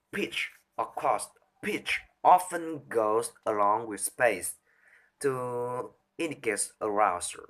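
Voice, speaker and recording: A man reciting a speech from memory, halting and restarting often as he stumbles over words. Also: mid-range voice, a bit bright. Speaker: speaker rehearsing a talk on voice.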